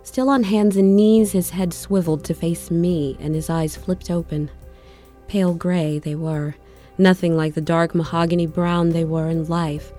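Woman storyteller with a warm, fairly low voice; reads expressively. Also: steady tone, faint music behind. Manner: reflective, measured storytelling. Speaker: audiobook narrator.

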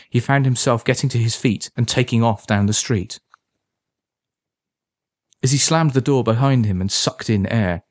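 A man narrating a story in a steady, measured reading voice. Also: medium pitch, no echo, studio quality.

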